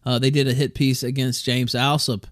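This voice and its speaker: A man's voice: medium pitch, flat delivery, normal speed, a little hiss or hum. A man hosting a livestream, chatting casually and reading out viewer messages. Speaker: livestream host. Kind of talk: casual livestream chat, reading donations aloud.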